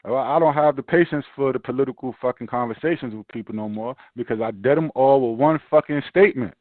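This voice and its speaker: A man ranting profanely in casual chat, animated and forceful. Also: medium pitch, quick pace, no room sound. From Brooklyn, New York. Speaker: podcast host. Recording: dry tinny phone-like sound.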